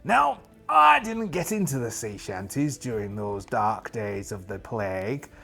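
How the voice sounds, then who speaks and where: A man's voice: on the low side, big pitch swings, measured pace, creaky, pushed and bright, soft background music. A man playing a solo tabletop game as a pirate, talking to the camera in a put-on pirate accent with playful, rambling jokes and asides.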